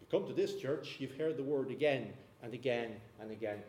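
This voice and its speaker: A man's voice: medium pitch, a little fast, a little mellow, echoey room. A man preaching a sermon in a church, earnest and often repeating words as he searches for the phrase. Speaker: pastor.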